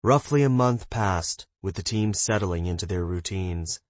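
A man's voice: a little slow, dry recording. A man narrating a fantasy novel as an audiobook reader, doing the characters' voices himself. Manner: reads narration evenly, voices characters with shouts and raised pitch.

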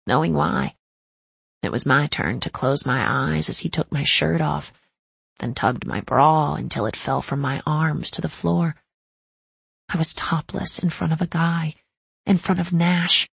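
A woman narrating a first-person romance story in a soft, intimate reading voice. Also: sits low, gravelly, breathy edge, no echo. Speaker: audiobook narrator.

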